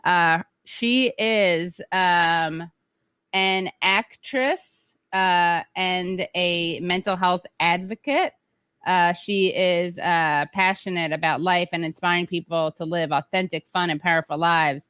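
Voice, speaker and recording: A woman hosting a livestream over a video call, chatty and self-deprecating with quick asides. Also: on the low side, fairly even intonation, a bit bright, smooth, dry recording. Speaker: host.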